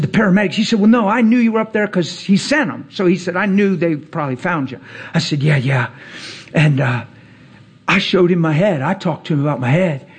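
A man preaching, telling a personal story with acted-out dialogue and emphatic rising passages. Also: slightly rough. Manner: animated, acts out dialogue, rises to emphatic highs. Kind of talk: sermon storytelling.

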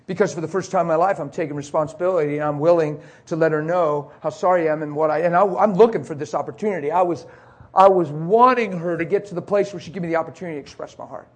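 A man's voice: a little high, quick pace, hardly any pauses. A middle-aged man preaching, telling an emotional personal testimony in a confessional way. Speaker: pastor.

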